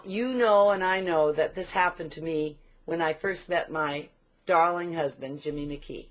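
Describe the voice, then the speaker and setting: An older woman delivers a motivational training talk, mixing lessons with stories from her own life. Her pitch sits in a middle range, and she stretches key phrases to drive them home. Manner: emphatic, slows down to stress key points. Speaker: business trainer.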